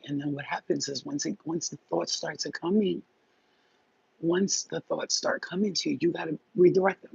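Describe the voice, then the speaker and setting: Rambling, gravelly woman with a spiritual talk. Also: low-pitched, fairly even intonation, normal speed, a little mellow, no echo, dull audio. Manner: rambling, profane, streetwise. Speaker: spiritual healer host.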